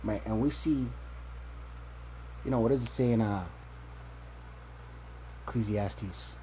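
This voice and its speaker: A man with a low voice delivers a scripture teaching, reading verses and explaining them point by point. He keeps asking "right?" and stumbles through repeated words while he thinks. Faint background noise sits under his voice. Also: slow, a little mellow. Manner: tags points with a questioning "right?"; restarts and repeats words when searching for them. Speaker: religious teacher.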